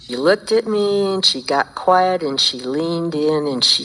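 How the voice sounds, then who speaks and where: An older woman sharing her recovery story at a meeting, telling it in a lively way and acting out the dialogue. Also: low-pitched, slow, few pauses. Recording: long hall reverb.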